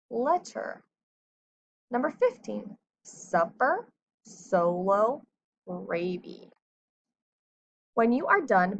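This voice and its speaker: A woman's voice: medium pitch, a little hiss or hum. A woman teacher giving a patient phonics lesson to children, sounding out words carefully. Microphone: screen recording. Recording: dull lo-fi audio.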